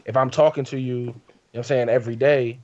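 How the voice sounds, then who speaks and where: A man's voice: mid-range voice, fairly even intonation, quick pace, darkish tone, lo-fi sound. A man co-hosting a podcast in casual banter, laid-back and rambling, often asking "you know what I'm saying". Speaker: podcast co-host.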